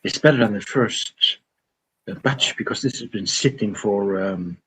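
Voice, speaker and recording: Husky hesitant man on a call. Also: fairly low pitch, a little slow, a bit bright, low-quality recording. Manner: hesitant, lots of ums. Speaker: guest on a video call. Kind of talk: casual chat. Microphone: video call.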